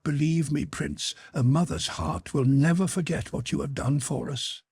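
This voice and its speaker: A man voicing an anxious middle-aged noblewoman, speaking gently and imploringly, slow and pointed. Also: a little high, gravelly, breathy edge, no echo, voice pushed up, exaggerated voice. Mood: mournful, imploring.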